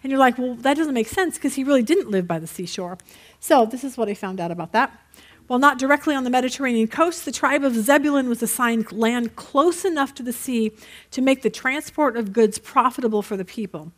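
A woman's voice: a little high, a little fast. A woman teaching a Bible study in a conversational way, telling stories and checking in with her listeners. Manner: chatty, checks in with listeners with "okay?"; lively storyteller.

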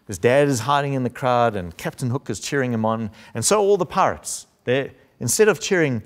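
A man's voice: expressive, brisk, few pauses. A man preaching in church, telling a story and acting out the quoted lines with his voice. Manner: storytelling, acts out quotes with shifts in pitch and loudness. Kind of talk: sermon.

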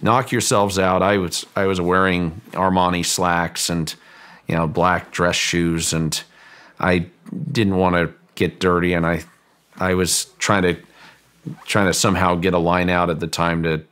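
Deep-voiced man telling a story haltingly. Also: flat delivery, a bit bright, clean tone. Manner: halting, often repeats words while telling a story. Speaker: guest, ranch owner recounting a story. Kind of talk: interview storytelling.

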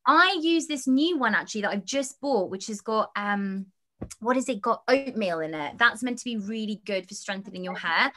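A woman's voice: medium pitch, lively intonation, pushed and bright. A woman with a British accent, chatting effusively as a guest on a casual interview show. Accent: British English. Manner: chatty, effusive, quick asides. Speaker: radio and TV presenter, guest.

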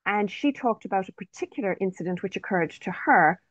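A woman's voice: medium pitch, animated, fairly quick, dry recording. A woman presenting interview research in an online talk, speaking carefully and reading participants' quotes aloud. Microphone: video call. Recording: dry, slightly dull online audio.

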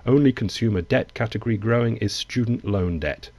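A man with a very low voice reads news articles aloud and breaks off into blunt, sarcastic remarks. His delivery is loose, with halting restarts. The sound is dry and close. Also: a little mellow, dry recording. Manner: blunt, sarcastic asides between read-out quotes. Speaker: economic commentary host. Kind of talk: reading and commenting on news articles.

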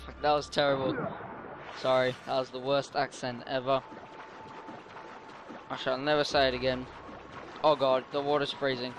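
A man's voice: mid-range voice, level tone, moderate pace, long pauses, noisy background. Tongue-tied man rambling over gameplay. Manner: rambling, gets tongue-tied, swears casually. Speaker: let's play gamer. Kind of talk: casual gameplay commentary.

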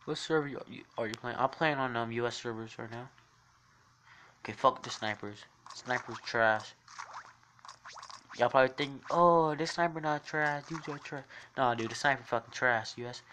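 A man livestreaming a shooter game, rambling and swearing as he reads and answers his chat in a jokey, excitable way. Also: mid-range voice, normal speed, long pauses, slight background noise. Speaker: game streamer. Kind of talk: casual livestream commentary reading chat. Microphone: phone mic while gaming.

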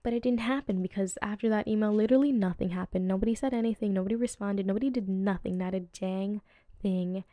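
A woman in her twenties hosting a podcast, telling rambling personal stories with lots of fillers and jumping up in pitch to act out what people said. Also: fast talker, no echo, phone-quality sound. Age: 20s. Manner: chatty, rambling, lots of fillers, acts out quotes with pitch jumps. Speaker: podcast host. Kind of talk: casual storytelling monologue.

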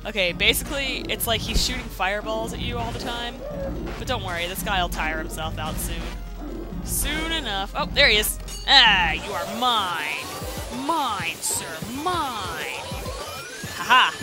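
A woman giving goofy, joking commentary while playing a video game, exclaiming loudly at what happens on screen. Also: medium pitch, expressive, normal speed. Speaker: let's play commentator. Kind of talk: casual gameplay commentary. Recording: game music playing behind.

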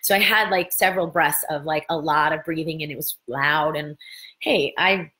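A middle-aged woman hosting a casual live-stream talk, telling stories with lively gestures of voice and bursts of laughter. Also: deep voice, moderate pace. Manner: animated storytelling, breaks into laughter. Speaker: host.

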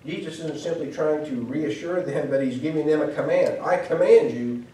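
A man's voice: a little high, moderate pace, dark tone, a little hiss or hum. Man preaching in an echoey church. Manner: earnest, explanatory, with frequent restarts and fillers. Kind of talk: sermon. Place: church hall. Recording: echoey church hall, mic from far off.

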